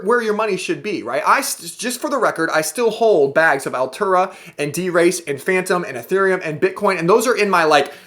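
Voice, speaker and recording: A man's voice: high-pitched, sharp tone. A man hosting a crypto video show, ranting at his viewers in an exasperated, sarcastic monologue.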